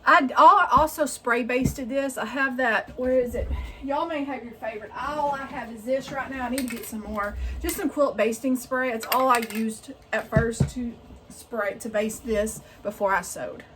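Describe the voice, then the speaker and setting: A woman's voice: a little high, moderate pace, slight background noise. A woman, chatting casually and thinking aloud to her viewers while she shows her sewing in a home sewing room. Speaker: sewing vlogger.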